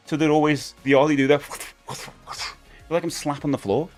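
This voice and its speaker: A man's voice: mid-range voice, sing-song, fairly quick, darkish tone, soft background music. A middle-aged man hosting a live stream, rambling casually and answering chat comments. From United Kingdom.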